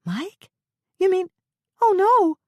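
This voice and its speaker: A woman putting on a scared young woman, high shaky voice, close to crying. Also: big pitch swings, takes it slowly, dark tone, no echo, highs cut off, full character voice. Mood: worried. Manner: high, worried, near tears. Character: anxious young woman calling from above.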